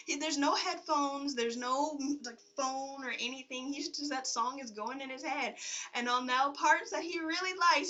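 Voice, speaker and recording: A woman telling stories in a casual vlog, rambling and animated, laughing often and filling her speech with fillers. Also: high-pitched, recorded from a distance. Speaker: vlogger.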